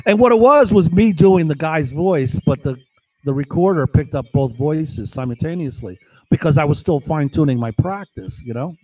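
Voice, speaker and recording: A man's voice: a little high, darkish tone, no room sound, poor audio. A man telling a personal story in a casual, rambling, boastful way, swearing often. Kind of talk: casual first-person account.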